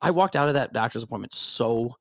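Man, 40s, podcast guest, rambling casual talk, medium pitch, dry sound. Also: animated, brisk, vocal fry, fairly bright tone, no room sound. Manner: rambling, many restarts and fillers.

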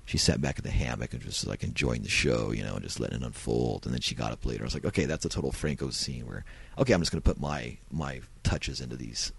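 Super deep gravelly guy hosting a movie review podcast, rambly and laid-back. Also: quick pace, no echo. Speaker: podcast host. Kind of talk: casual film-review chat.

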